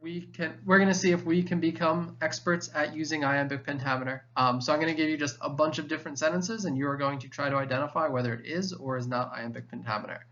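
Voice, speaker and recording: A man's voice: fairly high pitch, quick pace, few pauses, fairly bright tone, muffled recording. A young man teaching a class, explaining casually with lots of "um" and "like" fillers. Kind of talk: recorded classroom lesson.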